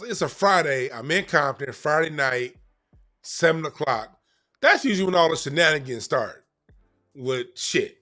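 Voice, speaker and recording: A man telling a story in a casual, profane, animated way about crisis work. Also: on the high side.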